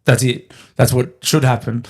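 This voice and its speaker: A man's voice: mid-range voice, flat delivery, moderate pace, a little mellow. A young Australian man, a podcast co-host, talking casually and giving easygoing, matey advice. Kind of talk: casual chat.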